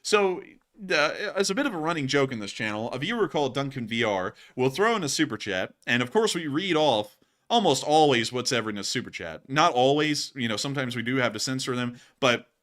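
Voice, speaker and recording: A man's voice: mid-range voice, fairly quick. A man hosting a livestream, chatting casually and jokingly as he reads out viewer donations. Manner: animated and jokey, lots of fillers. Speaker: livestream host.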